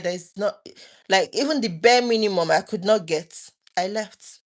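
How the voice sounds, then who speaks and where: A woman's voice: mid-range voice, normal speed. A woman in her thirties, talking earnestly and emotionally to her viewers late at night, often restarting her sentences. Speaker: vlogger.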